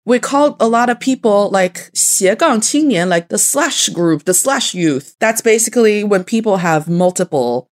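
A woman's voice: mid-range voice, expressive, measured pace, hardly any pauses. A young woman from Northeast China, a native Mandarin speaker with a Northeastern Chinese accent, talking in a casual conversation. She laughs often and restarts her sentences. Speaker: guest.

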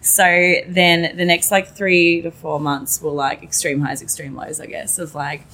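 A woman's voice: low-pitched, unhurried. A woman telling a personal story in casual chat, acting out what she and others said, and swearing now and then. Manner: animated, quotes herself and others in lively voices. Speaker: guest.

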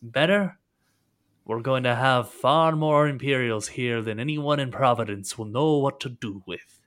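A man voicing a stern, commanding pirate captain who gives curt, gruff orders. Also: mid-range voice, measured pace, fairly bright tone, natural voice. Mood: boastful.

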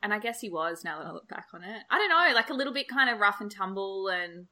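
Bright, lively Australian woman chatting. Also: mid-range voice, quick pace. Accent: Australian, Sydney Eastern Suburbs. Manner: giggly, chatty, self-described refined speech. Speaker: podcast co-host. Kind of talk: casual chat.

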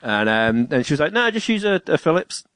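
His voice is a little high and smooth, his delivery fairly quick, and there's no echo. He's casually recounting a home-repair episode, swearing freely and voicing everyone's lines with animation.

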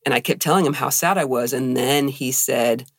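A woman's voice: rumbling low, moderate pace, dry recording, studio quality. A woman co-hosting a casual podcast, telling a personal story and acting out the quoted voices. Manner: animated, acts out quoted dialogue. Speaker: podcast co-host.

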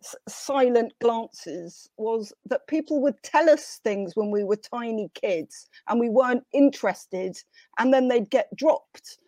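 As a guest in a casual conversation, a woman with a faint London accent shares self-deprecating family stories, imitating her relatives' voices when she quotes them. Her voice is fairly high yet dark in tone, captured in a dry recording.

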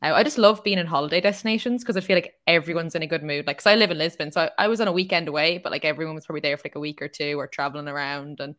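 Irish woman podcast cohost, low voice, chatty, lots of likes and ums. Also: rapid-fire, hardly any pauses, a bit bright. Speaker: podcast co-host. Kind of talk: casual podcast chat.

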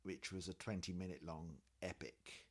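A man's voice: low-pitched, steady tone, normal speed. A man co-hosting a casual chat about music, talking in a chatty, jokey way and reading quotes aloud. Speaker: podcast co-host.

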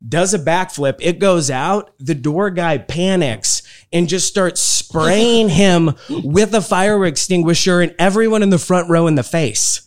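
A man's voice: high voice, unhurried, hardly any pauses. A man hosting a podcast, telling a story in loose casual chat, laughing and filling with "like". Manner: laughing, loose and conversational with many fillers.

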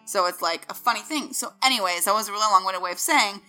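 A woman in casual chat telling an animated story fast, full of "like" and quick asides. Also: medium pitch, faint music behind. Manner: fast, animated, lots of fillers like "like". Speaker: entertainment interviewer telling a story.

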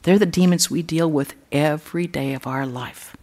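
A low-pitched woman gives a sermon in a temple, telling a scripture story in a relaxed, chatty way. She breaks off for wry, humorous asides before going back to the tale. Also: normal speed. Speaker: Vedanta nun giving a temple talk.

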